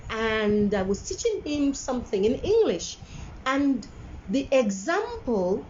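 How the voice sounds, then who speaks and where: Emphatic high-voiced Nigerian woman. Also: a little mellow, highs cut off, slight background noise. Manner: emphatic, preachy, lots of repeated phrases and restarts. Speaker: parent and parenting commentator. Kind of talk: earnest monologue to camera.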